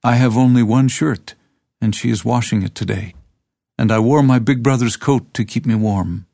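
A man reading the part of a poor, frightened ten-year-old boy, soft and pleading. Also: mid-range voice, normal speed, vocal fry, no echo, clean studio sound, natural voice.

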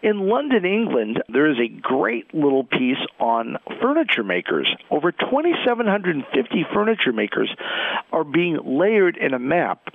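A gravelly-voiced man tells news stories in a chatty way, his pitch rising and falling a lot. He comes through a thin, phone-like line. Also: sing-song, moderate pace, no echo. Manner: chatty storyteller. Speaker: genealogist, regular guest. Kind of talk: radio news segment chat.

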